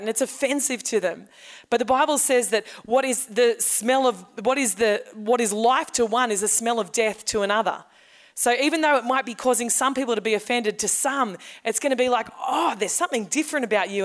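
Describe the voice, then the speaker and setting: A woman pastor, giving a sermon in a conversational storytelling manner. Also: fairly high pitch. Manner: conversational storytelling, acts out quoted voices.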